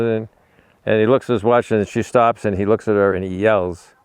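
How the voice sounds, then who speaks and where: Animal rescuer, male, smooth mid-pitched voice, rambling storyteller who stumbles over his words, dry close sound. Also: steady tone, moderate pace, no echo. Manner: rambling, repeats and restarts words; talks fondly to a dog. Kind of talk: casual storytelling while feeding a dog.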